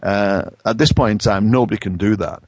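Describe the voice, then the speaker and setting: English guy, middle aged, lowish voice, lots of ums and restarts, dry close sound. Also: fairly quick, no echo. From England. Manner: hesitant, many restarts and fillers. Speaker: brewing science professor, guest. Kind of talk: conversational expert interview.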